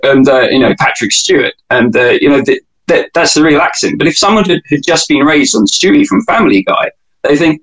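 A man's voice: fairly high pitch, expressive, fairly quick, fairly bright tone, low-quality recording. A British man speaking as a podcast guest in a casual, wry, digressive way, fond of analogies. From United Kingdom. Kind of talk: casual conversational interview.

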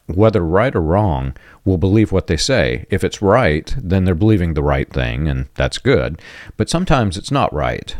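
A man's voice: low-pitched, darkish tone, no room sound, clean studio sound. A man talking earnestly about religious teaching, emphatic and given to repeating his main points. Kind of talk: conversational commentary on religion.

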